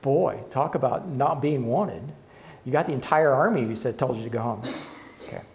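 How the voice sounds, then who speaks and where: Halting man teaching a Bible lesson. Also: mid-range voice, gravelly, a little mellow. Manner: halting, often correcting himself. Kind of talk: Bible lesson, reading and commenting.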